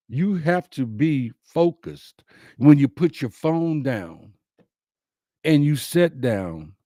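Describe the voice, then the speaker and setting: A man hosting a talk, speaking slowly and emphatically, repeating his key lines to his listeners. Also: mid-range voice, dark tone, no room sound, clean studio sound. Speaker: host. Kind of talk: inspirational talk to a live audience.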